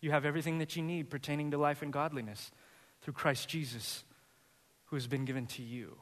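A man preaching a sermon as pastor, earnest and building to animated, high-pitched emphasis. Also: fairly quick, big-room sound.

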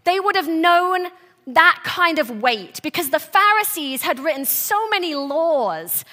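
Woman pastor, sermon; high, bright voice, earnest and tender, lively asides. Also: unhurried. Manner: earnest, soft-spoken with animated bursts and restarts.

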